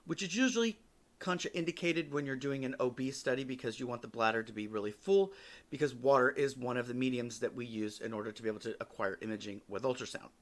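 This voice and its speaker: A man's voice: mid-range voice, fast talker. A man in his forties, a podcast host telling personal stories in a candid, wry way with casual swearing.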